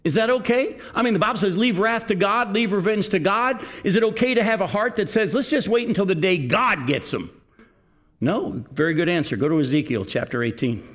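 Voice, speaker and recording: A man's voice: sits high, expressive, a little fast, a bit bright. A middle-aged male pastor preaching a sermon, earnest and direct, often putting questions to his congregation.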